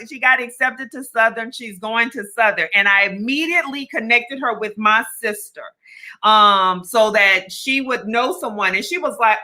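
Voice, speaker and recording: A woman's voice: fairly high pitch, normal speed, bright, forceful tone, rough recording. A woman co-hosting a live podcast broadcast over a video call, chatting casually and telling upbeat stories. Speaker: podcast co-host.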